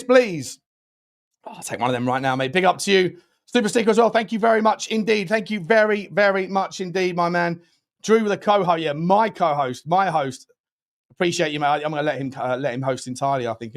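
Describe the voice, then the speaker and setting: Young man, rambling live-stream host with a fairly high voice and excitable shout-outs. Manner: rambling, chatty, thanks viewers warmly with bursts of loud excitement. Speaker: fan channel host. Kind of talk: casual live-stream chat.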